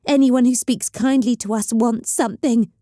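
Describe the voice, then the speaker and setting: In a lightly acted, studio-quality take, a woman gives voice to a volatile young psyker cultist full of bitterness and menace. She hisses, snarls and shouts in anger in a fairly high, steady tone raised above her own pitch, at a moderate pace, on a dry recording.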